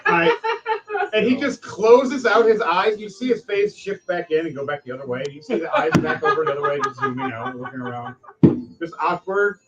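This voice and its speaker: Lively swearing man running a tabletop game. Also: sits high, a little fast, distant mic, background noise. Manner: animated, laughs often, swears casually. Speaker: game master. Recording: dull lo-fi sound from off-mic, music behind.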